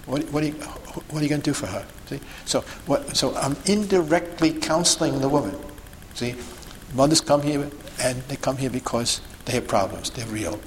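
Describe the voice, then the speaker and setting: A man's voice: mid-range voice, normal speed, a little hiss or hum, low-quality recording. A man giving an instructional talk to a group as a sidewalk counselor, emphatic and full of rhetorical questions and checks like "okay?" and "see?".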